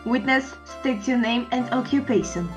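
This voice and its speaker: A woman's voice: on the high side, moderate pace, close to an everyday voice. A woman doing a haughty young prosecutor. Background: game music.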